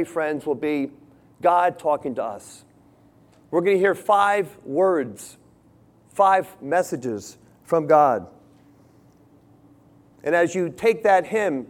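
A man preaching a sermon, earnest, moving between hushed lines and emphatic ones. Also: on the high side.

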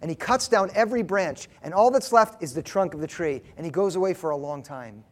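A man in his thirties preaching a sermon, telling a story earnestly and pausing for emphasis. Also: fairly high pitch, animated. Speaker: pastor.

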